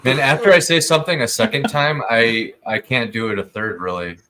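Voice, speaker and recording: A man's voice: medium pitch, brisk, sharp tone. A man chatting loosely over voice chat, hedging his points.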